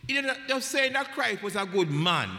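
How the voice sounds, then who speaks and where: A man's voice: sits high, sing-song, moderate pace, pushed and bright. A man preaching a Bible study, emphatic and repetitive, asking the congregation questions as he teaches. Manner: emphatic, repeats phrases, asks the congregation questions. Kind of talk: sermon-style Bible teaching. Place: church hall. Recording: echoey hall with long reverb.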